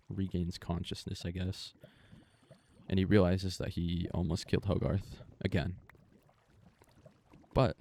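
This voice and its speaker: A man casually retelling a movie in a flat, monotone way over gameplay, speaking close to a desktop microphone with plenty of fillers. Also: deep voice, creaky, a little hiss or hum. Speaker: gaming video creator.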